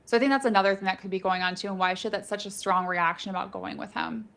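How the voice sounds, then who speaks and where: A woman's voice: mid-range voice, fairly even intonation, very fast, vocal fry, fairly bright tone. A woman co-hosting a casual live book discussion, speculating in a chatty way with many fillers.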